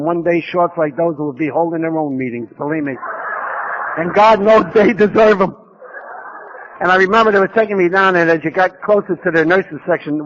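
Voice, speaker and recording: A man with a somewhat high voice tells his life story to a conference audience. He mocks himself and keeps repeating vivid details. The old tape sounds muffled and dull. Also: fairly bright tone. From New York. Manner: humorous, self-mocking storytelling with vivid repetition. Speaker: speaker sharing his recovery story. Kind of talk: storytelling talk at a recovery conference.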